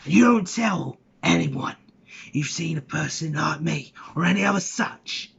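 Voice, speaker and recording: A man's voice: fairly high pitch, lively intonation, measured pace, creaky, fairly bright tone, slightly rough, full character voice. A young man performing a menacing, threatening man in a Cockney accent for an acting showreel. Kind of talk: acted showreel monologue. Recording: dull lo-fi clip, faint background noise.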